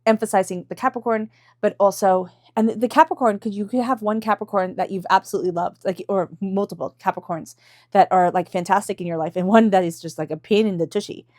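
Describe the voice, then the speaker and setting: A woman's voice: mid-range voice, steady tone, fast, a little mellow, dry recording, clean studio sound. A woman giving an intuitive tarot reading in a chatty, emotional way, full of fillers and asides. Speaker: tarot reader.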